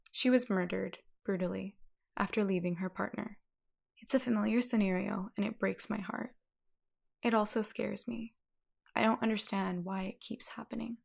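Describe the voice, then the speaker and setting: A woman's voice: mid-range voice, steady tone, normal speed, gravelly. A woman hosting and narrating a documentary in an earnest, reflective way.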